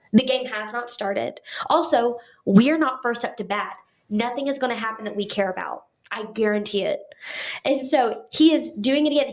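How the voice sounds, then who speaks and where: A talkative, animated woman appears as a podcast guest and relates a story in casual chat, voicing other people's lines as she goes. Her pitch sits fairly high.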